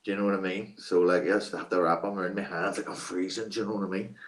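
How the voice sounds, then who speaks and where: Fast-talking in a low voice, this interview guest casually spins an anecdote, cursing freely and leaning on fillers like "like" and "you know what I mean." The recording has a roomy echo.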